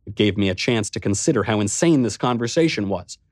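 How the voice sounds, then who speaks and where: A man's voice: on the low side, expressive, brisk, dry recording, studio quality. A man giving a first-person scripted narration in a wry, dramatic storytelling manner.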